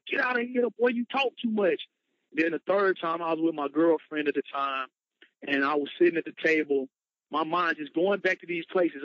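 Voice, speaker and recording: A man's voice: on the high side, dry recording. A man, a motivational speaker, telling his personal story with emphatic, dramatic retelling. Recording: dull lo-fi, dry sound.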